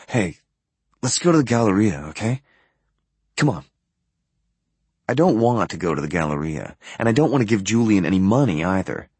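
A man's voice: low voice, slightly rough, dry recording. A man reading a first-person novel aloud in a detached, matter-of-fact way. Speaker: audiobook narrator.

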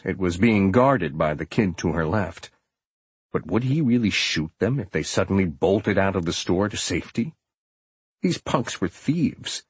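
A man narrating a thriller audiobook in a steady, dramatic storytelling manner. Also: on the low side, husky, dry recording.

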